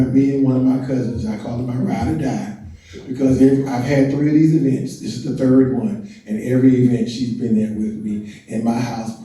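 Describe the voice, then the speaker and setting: A man's voice: medium pitch, warm tone. An older man, a family historian, talking casually to an audience as a guest speaker, chatty and joking with the crowd. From North Carolina and Washington, D.C. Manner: chatty, self-deprecating, jokes with the crowd. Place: large event hall. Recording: echoey hall, mic heard from a distance.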